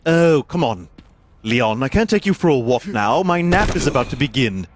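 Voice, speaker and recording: A man's voice: mid-range voice, lively intonation, normal speed, noisy background, pitched above the performer's own voice, natural voice. A man putting on a silly, girlish young woman's voice for a game companion. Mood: dismissive.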